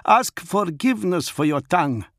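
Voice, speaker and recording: Man doing a growling warrior pack leader, gravelly, slow, high-pitched. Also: big pitch swings, a bit bright, dry recording, studio quality, full character voice. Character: gruff growling male space wolf pack leader.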